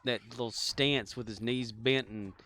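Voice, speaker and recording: A man's voice: mid-range voice, fairly even intonation, unhurried, sharp tone, a little hiss or hum. A man streaming a game live, chatting casually and joking with his chat. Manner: joking, rambling, chuckling.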